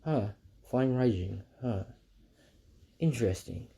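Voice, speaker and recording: A man doing a hushed, menacing young vampire ninja. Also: mid-range voice, lively intonation, takes it slowly, gravelly, slightly rough, heavily acted. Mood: musing. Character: young male ninja turned vampire lord, calm and menacing.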